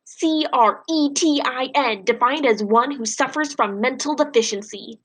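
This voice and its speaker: A woman's voice: high-pitched, unhurried, a bit bright. A woman reading aloud as a small, clever teenage boy who speaks in a precise, mocking way. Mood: prim.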